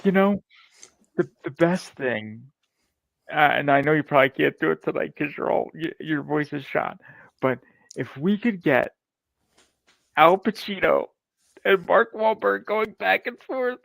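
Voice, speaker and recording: A man's voice: fairly high pitch, measured pace, gravelly, pauses often, fairly bright tone, no room sound, rough recording. A man co-hosting a podcast, chatting in an easygoing way. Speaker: podcast co-host. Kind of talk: casual chat.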